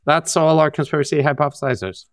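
A man's voice: a little high, quick pace, clean tone, dry recording, clean studio sound. A man with a Belfast accent co-hosting a podcast, joking and teasing in casual chat. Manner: jokey, teasing, drawls names for comic effect. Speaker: podcast co-host.

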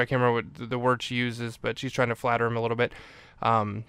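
A man's voice: mid-range voice, flat delivery, quick pace, bright, forceful tone, clean tone, dry recording. A man hosting a podcast, recapping a movie in a casual, rambling way, often correcting himself. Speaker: podcast host.

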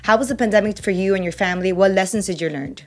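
A woman's voice: mid-range voice, soft background music. A woman hosting an interview, chatting casually and sharing stories from her own life as a mother. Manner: chatty, quick, shares personal stories. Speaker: interview host.

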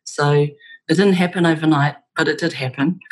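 A middle-aged woman from New Zealand with a New Zealand accent, reflectively telling stories as an interview guest, with the odd soft laugh. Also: low-pitched, steady tone, normal speed, rough recording. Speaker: game studio founder, guest. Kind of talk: conversational interview storytelling.

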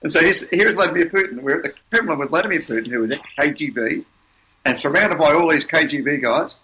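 A man's voice: on the high side, lively intonation, a little fast, bright, forceful tone, rough recording. An older man, an interview guest, telling motivational stories in an emphatic, upbeat way with repeated words. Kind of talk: motivational storytelling.

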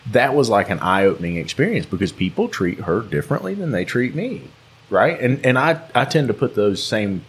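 A man's voice: on the low side, very animated, normal speed, a little hiss or hum. A man with a Southern US drawl hosting a podcast, talking earnestly with frequent restarts. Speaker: podcast host. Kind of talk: casual podcast chat.

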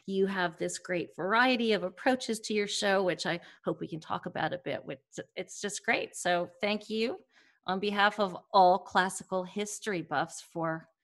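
A woman's voice: medium pitch, normal speed. Encouraging woman podcast host. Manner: warmly encouraging, laughs often. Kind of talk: casual interview.

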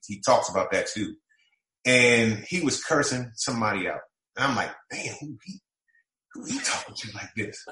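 A former college basketball player telling an animated story, acting out the quoted lines of the conversations he recalls. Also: mid-range voice, echoey room, low-quality recording.

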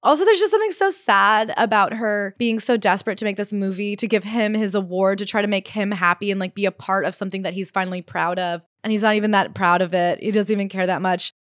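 A woman co-hosting a casual book-recap chat, retelling the story in a quick, animated way with quoted asides. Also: mid-range voice, no room sound, studio quality. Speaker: podcast co-host.

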